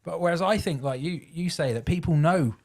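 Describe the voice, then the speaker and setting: A man's voice: a little high, brisk. A man hosting a casual chat, speaking reflectively and affirming his guest. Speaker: podcast host.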